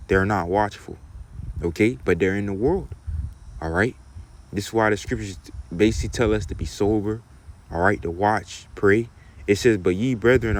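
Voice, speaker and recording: A man with a fairly low voice teaches from scripture in an informal preaching style. He keeps checking in with the listener, using "man" and "okay?" again and again. When he reads the verses, he slows down and gives them weight. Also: slight background noise. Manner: repeats "man" and "okay?" as tags, reads verses slowly and loudly.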